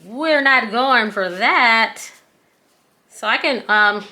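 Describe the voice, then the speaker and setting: Slightly high, pushed and bright, this woman's voice moves at a slow pace. A craft tutorial host from the American South, she talks casually in a Southern accent, taking viewers step by step through a sewing project while being folksy and self-deprecating.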